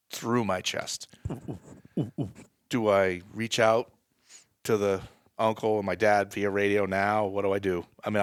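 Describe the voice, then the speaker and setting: A low-pitched man with a gravelly New England voice recounts a hunt in a podcast interview. The sound is dry and close, with no room around him. He builds excitement as the story peaks. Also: no echo. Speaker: guest, wildlife department staff.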